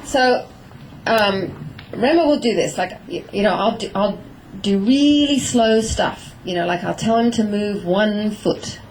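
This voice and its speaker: A middle-aged woman giving a lively talk on horse training to an audience, acting out little exchanges with her horse. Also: medium pitch, measured pace, slight background noise, low-quality recording. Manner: animated, acting out voices of herself and her horse.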